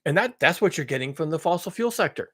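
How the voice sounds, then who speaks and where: A husky-voiced man delivers sarcastic commentary with a fairly high, very lively pitch that jumps between mock horror and quiet grumbling. He rambles and corrects himself as he goes. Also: fast talker. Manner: sarcastic, mock-alarmed outbursts between low mutters. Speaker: climate commentary channel host.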